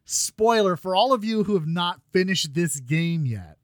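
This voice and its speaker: Man, slightly high voice, casual gaming podcast chat, rambling, dry sound. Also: unhurried, no room sound. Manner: animated, laughing, rambling with restarts. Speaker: podcast co-host.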